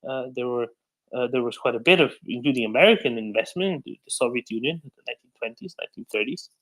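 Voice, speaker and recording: A man hosting a live audio discussion, explaining points in a measured way with fillers. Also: mid-range voice, a bit bright, poor audio. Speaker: host and moderator.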